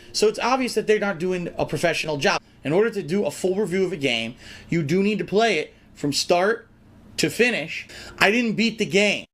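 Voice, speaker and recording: A man's voice: sits high, animated, moderate pace, a bit bright. A man hosting a live-stream podcast who chats casually with his viewers, reading out their messages and answering them with blunt sarcasm.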